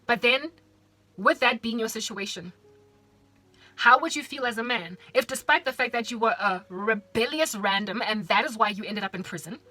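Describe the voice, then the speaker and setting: Christian vlogger from South Africa, a woman with a high, bright voice; animated casual preaching over soft music. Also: normal speed. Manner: animated, addresses the listener directly with rhetorical questions.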